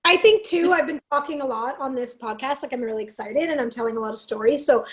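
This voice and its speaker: A woman with a raspy voice, a singer guesting on a podcast, telling stories excitedly and swearing freely. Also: high-pitched, quick pace. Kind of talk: casual chat.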